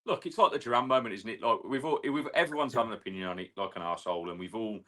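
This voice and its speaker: An English man with a fairly low voice co-hosting a football fan show. He talks in a matey, enthusiastic way. His delivery is casual chat between friends. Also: very fast, sharp tone. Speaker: co-host of a football fan channel.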